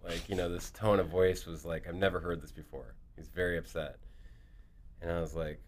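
A middle-aged man telling stories in casual chat, animated, acting out quotes and dropping to a hushed voice for tense moments. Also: sits low, fast. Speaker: guest.

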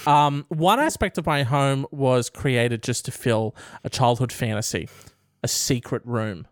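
A man's voice: mid-range voice, measured pace, dry recording, clean studio sound. A young man co-hosting a casual podcast, joking sarcastically and reading a listener's letter aloud. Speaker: podcast co-host.

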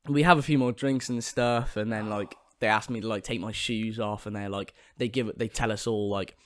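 A man's voice: lowish voice, steady tone, brisk. A young man telling a story in casual chat, frank and crude, with lots of fillers. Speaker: podcast co-host.

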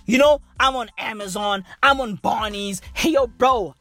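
A woman's voice: fairly high pitch, a little slow, a bit bright, no echo, soft background music. A woman doing a comic rant monologue in slangy, profane hype-bro talk. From South Africa.

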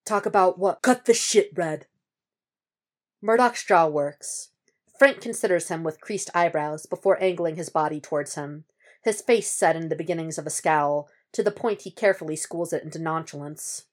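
A woman reading a piece of fan fiction aloud as an audiobook, at a steady, measured pace. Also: sits low. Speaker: podfic reader.

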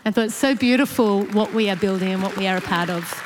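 A woman telling a lively personal story in a church talk, animated and laughing between lines. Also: medium pitch, fast, in a large hall, a crowd in the background, background noise. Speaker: church speaker sharing a story.

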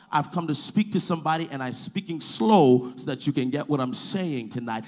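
A man preaching a sermon to his church, calling for responses and building to loud, sung-out climaxes. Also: fairly high pitch, moderate pace, few pauses. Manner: preaching with call-and-response, swelling to shouts. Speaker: pastor.

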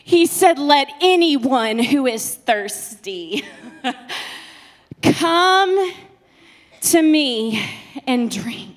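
A woman's voice: high voice, animated, drawn-out words, long pauses. Passionate woman preaching a sermon. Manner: passionate, swinging between soft and loud.

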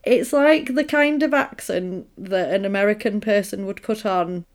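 A woman's voice: medium pitch, moderate pace. Chatty woman, amused storyteller. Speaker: podcast co-host. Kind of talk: casual chat.

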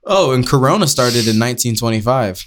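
Male podcast host, lively pitch, rambling and jokey, casual banter into a podcast mic. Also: brisk, slight background noise. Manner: rambling, jokey, goofy tangents.

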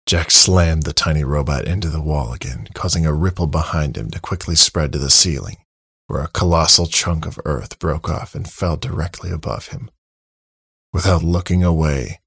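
A man narrating a story in a steady, dramatic reading with a husky, creaky voice. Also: rumbling low, no echo. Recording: dry close mic, faint music.

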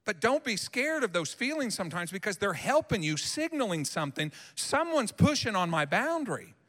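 A male pastor preaching a sermon in a church sanctuary, animated and emphatic, acting out what people say. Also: high voice, normal speed, big-room sound.

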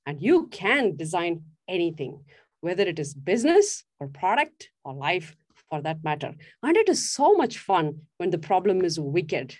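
A middle-aged woman speaking from a stage in a lively, sing-song voice that sits a little low. She keeps turning to the audience with questions as she talks. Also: normal speed. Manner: animated, asks the audience questions. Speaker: speaker giving a talk on design. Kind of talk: motivational stage talk. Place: stage before a live audience.

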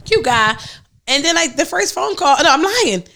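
A young woman hosting a podcast, telling loud, laughing stories in casual chat and acting out the people she quotes. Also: sits high, sing-song, normal speed, slight background noise. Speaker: podcast host.

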